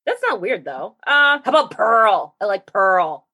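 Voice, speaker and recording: Lively husky woman trading jokes. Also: mid-range voice. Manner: playful, quick jokes, lively. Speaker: podcast co-host. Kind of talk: casual chat.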